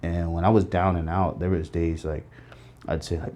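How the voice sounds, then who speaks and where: Speaking at normal speed in a low, darkish voice with a level tone, a middle-aged man reflects on his life as an interview guest. His storytelling is earnest and includes quoted voices.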